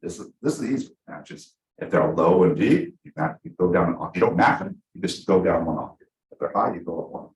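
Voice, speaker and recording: A man teaching a live class to real estate agents, chatty and animated, acting out the people he quotes. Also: sits low, a little fast, hardly any pauses. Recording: echoey room.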